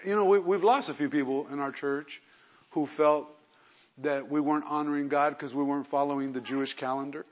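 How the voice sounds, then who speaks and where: A man pastor preaching a sermon with animated swings between loud emphasis and quiet asides, acting out quotes. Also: fairly high pitch, brisk.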